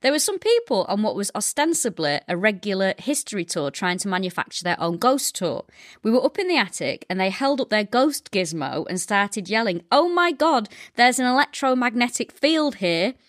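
A woman's voice: medium pitch, fairly quick, no room sound, clean studio sound. A woman co-hosting a comedy podcast, joking, swearing and laughing while reading a listener letter. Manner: animated, jokey, swears, laughs. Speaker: podcast co-host. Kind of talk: casual comedic chat.

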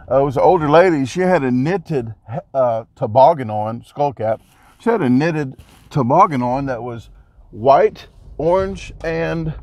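A man's voice: mid-range voice, a little mellow. A man with a Midwestern American accent, vlogging in a casual, folksy, rambling way, full of filler words, while driving. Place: in a car on the road. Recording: car road noise behind.

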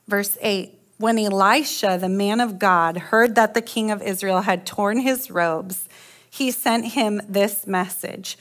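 A woman pastor preaching a sermon, reading scripture and retelling it in an animated storytelling way while asking listeners to agree. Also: medium pitch, measured pace.

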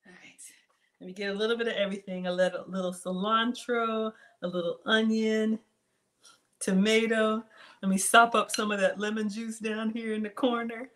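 A woman's voice: a little high, fairly even intonation, moderate pace, a bit bright. A woman chatting through a live cooking stream from her home kitchen, reading viewers' comments aloud and talking to them by name. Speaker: cooking channel host.

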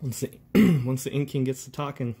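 Mid-range and dark with a breathy edge, a man's voice moves at a moderate pace. He inks comics and casually walks through the process step by step in a relaxed tutorial, talking as he works and using many fillers.

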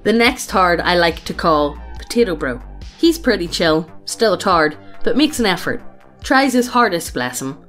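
Woman host, casual story reading, swears freely, often laughs, soft music underneath. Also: on the low side, sing-song, moderate pace. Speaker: channel host.

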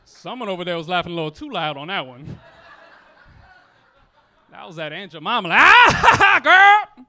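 A young man doing a stand-up comedy set on a club stage, playful and animated, slipping into voices for characters. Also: on the high side, brisk, long pauses. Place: comedy club stage before a laughing audience.

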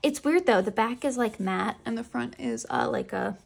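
A woman's voice: a little high, moderate pace, creaky, slightly rough. Chatty woman unboxing with giggly asides. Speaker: unboxing vlogger. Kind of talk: casual unboxing chat.

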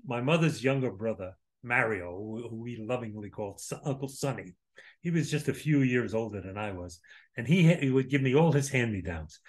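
A man's voice: medium pitch, lively intonation, moderate pace. An older man from the US Northeast co-hosting a podcast, recalling childhood winters with a chuckle. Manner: chuckling, reminiscing. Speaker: podcast co-host. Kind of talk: casual reminiscing.

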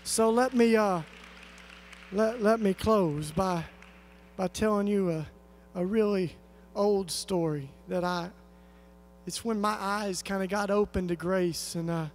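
A man's voice: high voice, slow, slight background noise. A man from East Tennessee giving an earnest, conversational sermon-style talk at a conference, telling a story with lots of fillers and restarts. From East Tennessee, USA. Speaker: conference speaker.

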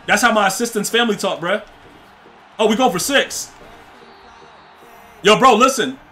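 A high, bright-voiced man streams a football video game and talks straight to his chat. He talks in loose slang and trash-talks the players, with faint music under him. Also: normal speed. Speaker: gaming streamer. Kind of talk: casual live-stream commentary.

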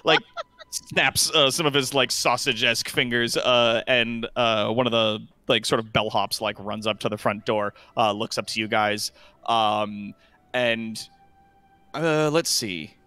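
A man's voice: mid-range voice, fairly even intonation, unhurried, pushed and bright, smooth, no echo, faint music behind. A man narrating a tabletop role-playing game as game master, rambling with lots of fillers.

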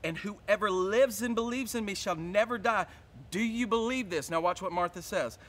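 A male pastor preaching a sermon, telling a story in a lively, casual way and acting out his own panic. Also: high voice, normal speed.

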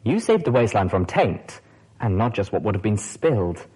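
A man reading the part of an adult female pony radio host, gentle and playfully teasing, with a lively, husky tone. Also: lowish voice, normal speed, poor audio. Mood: tender.

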